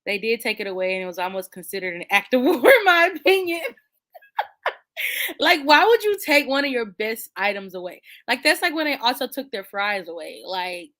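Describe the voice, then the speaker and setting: A woman hosts a book channel and chats casually with her viewers, reading out their comments and answering them. She talks in an animated, slangy, playful way and breaks into laughter often. Her voice sits at an ordinary middle pitch. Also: moderate pace.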